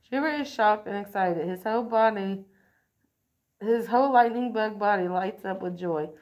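A woman reading a children's picture book aloud in a clear, expressive and unhurried way. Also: medium pitch. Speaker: storyteller.

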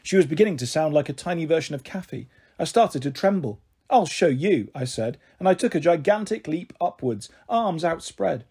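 Animated man reading a children's story. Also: a little high, fairly quick, husky. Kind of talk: reading a children's book aloud.

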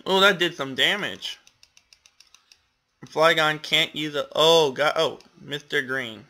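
Young male gamer, slow-paced casual commentary, self-mocking, exclaims a lot. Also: on the high side, sharp tone. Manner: self-deprecating, exclamatory, laughs often.

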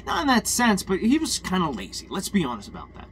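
A man's voice: sits high, wildly swooping pitch, fast, a bit bright, a little hiss or hum. A man ranting in a heated, rambling personal monologue, swearing often and restarting his sentences.

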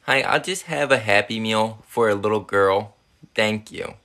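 A man's voice: lowish voice, measured pace, bright, forceful tone. A man voicing a spoiled, bratty girl pop star who whines, demands, and throws screaming tantrums in a comedy sketch. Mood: whiny, bratty. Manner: whiny, demanding, bursts into shrieking tantrums.

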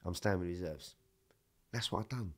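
A man telling rough, animated stories in a casual podcast chat, swearing constantly. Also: deep voice, fairly quick. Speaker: podcast guest.

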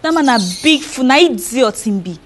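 A woman's voice: high voice, lively intonation, moderate pace, noisy background. An actress playing a young Nigerian woman gossiping with her friend in Pidgin. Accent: Nigerian, Pidgin-speaking. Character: admiring young female friend, Sasha.

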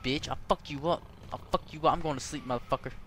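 A man's voice: a little high, fairly even intonation, quick pace, a little hiss or hum. A young man doing gameplay commentary, cursing and trash-talking the characters on screen. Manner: profane, trash-talking, yelling at game characters. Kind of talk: let's play commentary.

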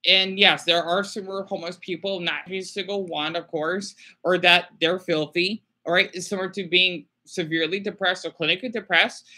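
A man on a small live stream, talking in a stressed, halting, apologetic way with many repeated words. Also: sits high, fairly even intonation, sharp tone. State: stressed and distressed. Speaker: small YouTuber livestreaming. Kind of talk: emotional live stream talk.

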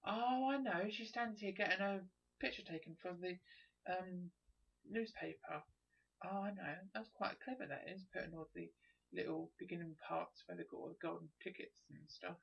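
A gamer giving chatty, excitable let's play commentary, thinking aloud as they explore. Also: mid-range voice, normal speed, creaky, husky. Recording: dull lo-fi recording.

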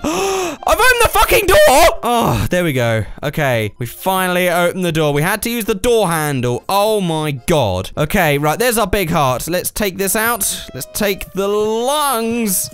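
A man giving let's play commentary while he plays a video game, exasperated, swearing, yelping and cheering loudly. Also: fairly high pitch.

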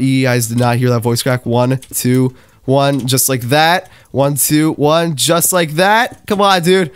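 A young man giving excitable gaming commentary, talking to himself while he plays. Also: medium pitch, slow, clear, resonant tone, dry recording. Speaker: gaming YouTuber.

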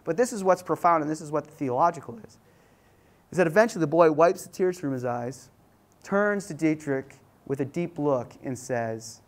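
A man giving a public lecture, telling a personal story with animated delivery and acted-out quoted thoughts. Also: on the high side, moderate pace. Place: lecture hall.

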